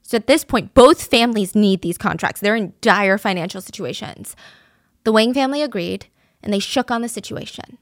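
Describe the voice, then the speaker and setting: A woman's voice: medium pitch, normal speed, no room sound, studio quality. Chatty woman retelling a true crime story. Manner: chatty, animated, acts out quotes. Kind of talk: casual storytelling.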